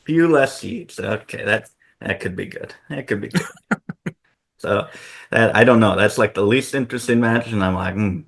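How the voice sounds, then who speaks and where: A man hosting a casual fantasy-booking chat, telling the story in an animated way with frequent laughs. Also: lowish voice, moderate pace, gravelly. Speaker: host.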